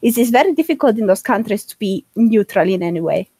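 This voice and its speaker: A woman's voice: medium pitch, expressive, fast, mellow, slightly rough, dry recording. A woman with a mixed, hard-to-place accent, speaking as a guest in a casual live-stream chat and earnestly explaining her views at length.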